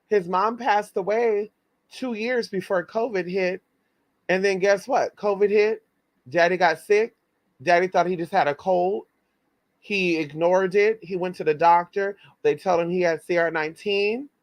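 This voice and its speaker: A man telling a story in a sassy, profane, dramatic way, jumping into high quoted voices. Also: no echo. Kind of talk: casual storytime monologue.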